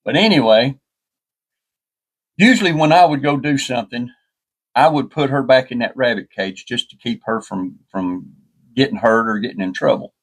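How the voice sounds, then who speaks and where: A man's voice: mid-range voice, normal speed. A man telling a story in a folksy, rambling way, often restarting with "and, and". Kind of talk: casual spoken storytelling.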